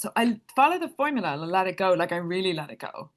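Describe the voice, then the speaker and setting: A woman's voice: fairly low pitch, sing-song, fast. A woman telling a personal story in a casual, chatty way, laughing often and leaning on "like". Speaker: spiritual speaker.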